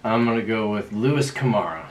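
A man's voice: on the low side, lively intonation, fairly quick, echoey room, a little hiss or hum. A man on a casual trivia vlog, joking around with dry, teasing remarks. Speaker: guest on a vlog.

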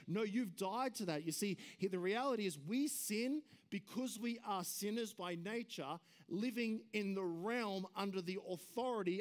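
An Australian man preaching a sermon as pastor, speaking conversationally, often dropping low and quiet before building up to an emphatic point. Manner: self-correcting restarts and asides.

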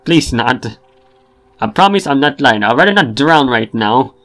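A man's voice: medium pitch, lively intonation, a little slow, a bit bright. A man voicing a confused, polite male game protagonist who answers in a hesitant, puzzled way.

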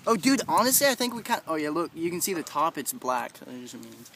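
A teenage man handling a snake outdoors, talking excitedly with his friends. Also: fairly quick. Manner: excitable, swinging pitch. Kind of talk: casual outdoor banter. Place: outdoors by a road. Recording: outdoor noise.

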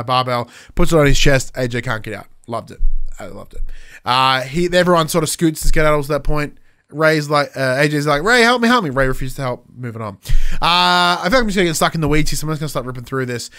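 A man's voice: medium pitch, a bit bright, clear, resonant tone. A man hosting a podcast, reviewing in a casual monologue with lots of fillers and playful acted-out quotes. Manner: chatty, lots of fillers, acts out quotes with a raised voice. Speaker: podcast host.

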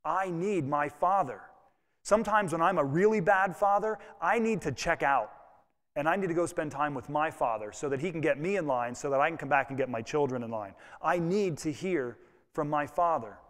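A man's voice: fairly high pitch, normal speed, a bit bright. A male pastor preaching a sermon to his congregation in a conversational, folksy way, with personal asides. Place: church sanctuary with congregation. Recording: long reverb of a church hall.

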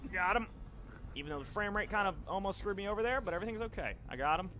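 Bright, excitable young gaming commentator man. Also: high voice, quick pace, slight background noise. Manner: excitable and sweary, yelling when caught. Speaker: let's play commentator. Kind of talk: casual gameplay commentary.

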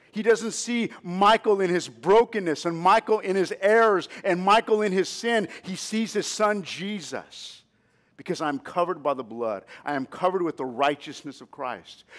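A man's voice: high-pitched, animated, moderate pace. A man in his fifties preaching a sermon as pastor, telling a personal story and asking the congregation to say amen. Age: 50s. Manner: storytelling, drops to a hush then rises to emphatic calls; asks the congregation for responses.

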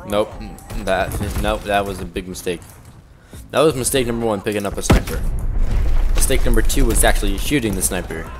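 A man's voice: lowish voice, brisk. A man casually commentating his own shooter gameplay, swearing and mocking himself. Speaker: gamer. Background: game music and gunfire.

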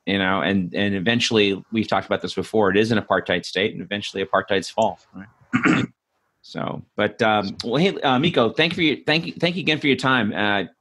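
A man's voice: lowish voice, brisk, a bit bright. Rambling male podcast host. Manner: rambling, many restarts and fillers. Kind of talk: casual interview conversation.

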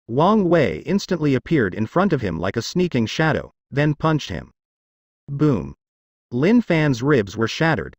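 A man's voice: medium pitch, no room sound, clean studio sound. A man narrating a fantasy web novel as an audiobook, telling the story expressively.

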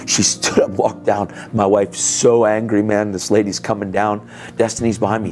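A man with a fairly low voice shares a testimony from a church stage. He talks casually and with energy, acting out the others in the story, while soft music plays beneath him. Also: fairly even intonation, a little fast, vocal fry. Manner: casual, drops in "man" and "dude". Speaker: guest speaker telling a testimony. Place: church sanctuary.

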